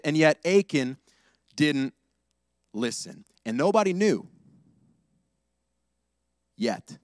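Young male pastor, casual sermon, animated storyteller, slightly high, smooth and dry. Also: slow, long pauses, no echo. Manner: animated storytelling, acts out dialogue, slangy.

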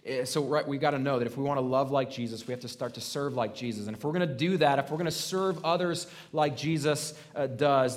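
A man preaching a sermon in a conversational way. He often asks "right?" and restarts his words, rising to stress a point. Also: medium pitch. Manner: conversational preaching, frequent "right?" tag questions; restarts and stammered repeats, emphatic rises. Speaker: pastor.

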